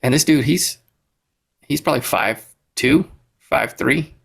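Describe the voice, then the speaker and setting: A man co-hosting a podcast, telling a rambling, animated story in casual chat. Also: a little high, unhurried, vocal fry, slightly rough. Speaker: podcast co-host.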